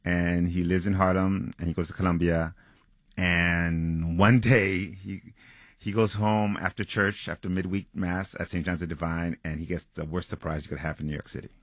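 A novelist talks about his book in an earnest, thoughtful way, pausing often with "um". His voice is very low and husky. The recording is dry and close. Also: flat delivery, dry recording. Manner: earnest and reflective, with frequent "um" pauses. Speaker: author. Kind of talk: interview answers and reading from his novel.

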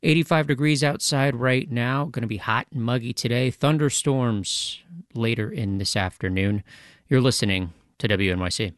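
A man reads the local news and weather on the radio in a brisk, even manner. His voice sits in the middle range. The studio sound is dry. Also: medium pitch, smooth, dry recording. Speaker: radio newsreader.

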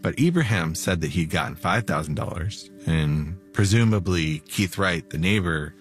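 Male narrator, low register, relaxed storytelling over faint music. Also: moderate pace. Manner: casual, uses filler 'like'. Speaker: podcast narrator. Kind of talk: scripted narration.

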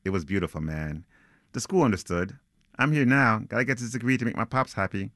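A man's voice: fairly low pitch, expressive, fairly quick, fairly bright tone, no echo, clean studio sound. Man putting on a slangy swaggering young jazzman. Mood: teasing. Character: cocky young male jazz trumpeter, breezy and teasing.

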